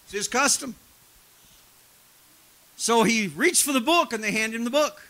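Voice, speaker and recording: A high-pitched man with a bright, piercing voice preaches in a church. He tells folksy stories, laughs at them, and swings between loud emphatic shouts and low, intense delivery. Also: a little slow, pauses often. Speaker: traveling preacher. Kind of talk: live sermon with storytelling. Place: church sanctuary.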